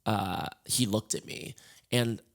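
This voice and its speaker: A man with a gravelly, creaky voice talks casually from his bed, tired and a little hoarse. He hosts a solo podcast, wandering off track and joking at his own expense. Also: on the low side, fairly even intonation, slow pace. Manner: rambling, scattered and self-mocking. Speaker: podcast host. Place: in bed at home.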